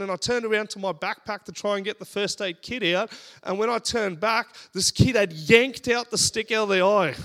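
An Australian man in his thirties preaches a sermon, telling stories in an animated and humorous way. His voice is a little high.

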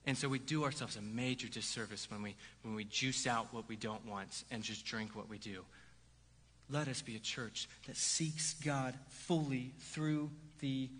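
A pastor preaching a sermon in a lively, conversational way, with "right?" asides to the congregation. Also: male voice, mid-range voice, measured pace. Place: church sanctuary. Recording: hall reverb.

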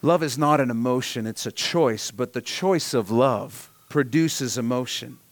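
A man's voice: mid-range voice, a little slow, few pauses, no room sound. Earnest male pastor preaching, dry sound. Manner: earnest preaching, drops to soft near-whispers for emphasis. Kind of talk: sermon.

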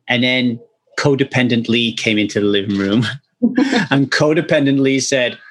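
A man with a mid-pitched voice talks candidly and earnestly. He restarts his words as he goes and swears casually. He acts out the voices of people he quotes. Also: fairly bright tone. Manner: acts out quoted speech animatedly. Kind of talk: candid conversational chat.

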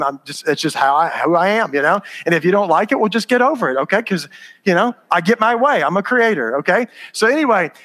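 A man's voice: high voice, pushed and bright. A middle-aged man giving a conversational conference talk to parents, often checking whether the audience follows. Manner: conversational, asks the audience if it makes sense. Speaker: conference speaker. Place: conference hall. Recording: reverberant hall.

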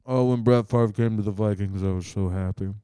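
A young man joking with friends in a casual chat, acting out little bits. His voice is mellow and dark at a middle pitch. The recording is dry. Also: fairly even intonation, brisk, clear, resonant tone, no room sound.

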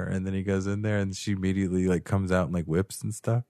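A man's voice: lowish voice, steady tone, a little fast, hardly any pauses, darkish tone, dry recording. Guy cohosting a chill podcast, laughs a lot, dry close sound. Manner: laughing, acts out voices in retellings. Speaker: podcast co-host. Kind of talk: casual chat.

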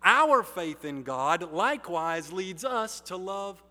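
A male pastor preaching a sermon in slow, deliberate phrases with emphatic pauses, in a church sanctuary. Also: high-pitched, lively intonation, bright, forceful tone. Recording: reverberant sanctuary hall.

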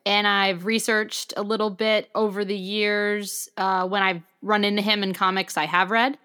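A woman's voice: medium pitch, flat delivery, moderate pace, sharp tone, clean tone. A woman co-hosting a podcast in casual chat, playful and giggly, often restarting her sentences. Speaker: podcast co-host.

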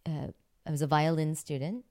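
A woman's voice: low-pitched, steady tone, normal speed, a little mellow. A middle-aged woman from Pittsburgh, an actress, chatting in an interview with many fillers and frequent laughs. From Pittsburgh, USA. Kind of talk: relaxed interview storytelling.

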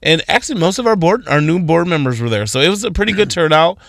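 A man co-hosting a morning radio show, telling stories with energy and slipping into high voices when quoting people. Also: quick pace, gravelly, no echo, clean studio sound. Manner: animated storytelling, voicing others in high tones. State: tired after a night of drinking. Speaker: radio co-host. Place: radio studio.

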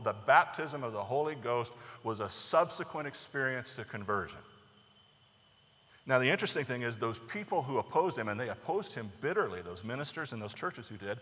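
A man giving a conversational sermon lecture, talking in an animated way to the people listening. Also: medium pitch, in a large hall. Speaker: teacher or preacher.

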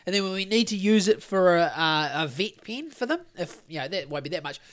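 A man's voice: high-pitched, animated, a little fast, a bit bright. Rambling sweary Australian man. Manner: rambling, sweary storytelling with many restarts. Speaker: podcast co-host. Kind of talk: casual chat.

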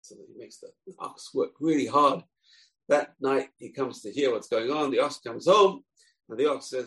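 Gravelly male teacher, animated storyteller, voices each character. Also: medium pitch, normal speed, rough recording. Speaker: Torah teacher. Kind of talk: storytelling lesson.

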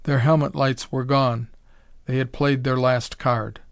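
Steady male audiobook narrator, dry sound. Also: mid-range voice, measured pace, vocal fry, dry recording. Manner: steady storytelling.

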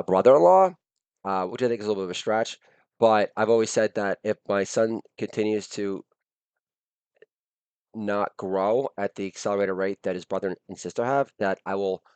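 A man hosting a podcast with a blown-out, hoarse voice, delivering a crude comedic rant broken up by sudden shouted catchphrases. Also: fairly low pitch, no echo. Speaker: podcast host.

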